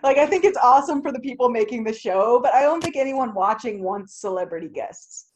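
A young woman with a somewhat high voice chats on a podcast. She talks loosely, leans on "like" and laughs easily. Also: lively intonation, a little fast, slight background noise. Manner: chatty, laughs often, filler-heavy. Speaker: podcast co-host. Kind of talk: casual chat.

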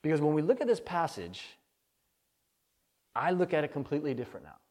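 A man's voice: on the high side, sing-song, brisk, darkish tone. Earnest man preaching a conversational sermon. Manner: earnest, candid storytelling that swells with feeling. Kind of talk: conversational sermon with personal story.

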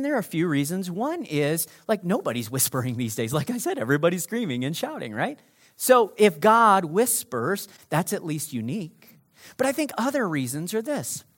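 Animated pastor with a lively voice. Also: male voice, sits high. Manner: animated, swings from shouting to whispering. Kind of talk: sermon.

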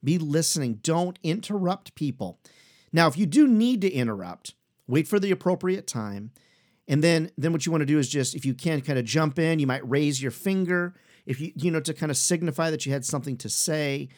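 Brief: upbeat man coaching salespeople, fairly high voice, very lively and talkative. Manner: energetic, fast-talking, emphatic. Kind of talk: podcast lesson.

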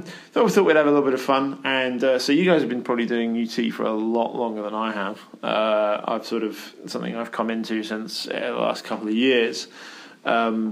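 A man's voice: mid-range voice, gravelly. A man hosting a casual podcast chat in an office, telling a rambling story with plenty of fillers. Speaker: podcast host.

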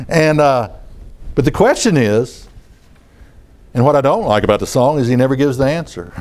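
A man's voice: mid-range voice, expressive, normal speed, pauses often, a little mellow, slight background noise. A man preaching a sermon in front of a congregation, talking in a conversational way and often repeating his phrases.

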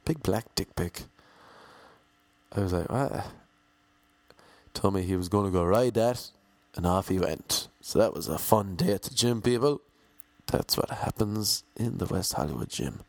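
An Irish man in a rambling comic monologue, deadpan and self-mocking, talking in a monotone. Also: deep voice, a little slow, no echo.

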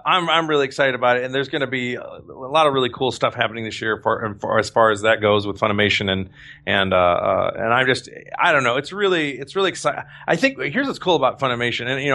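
A man's voice: medium pitch, bright, forceful tone. A man chatting casually as a podcast host, rambling with many restarts and easy laughter. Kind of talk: casual chat.

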